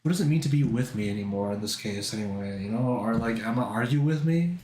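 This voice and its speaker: Excitable rambling man, echoey room. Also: mid-range voice, quick pace, a little hiss or hum. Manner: rambling and excitable, heavy swearing and filler words. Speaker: streamer. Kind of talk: casual chat with stream viewers.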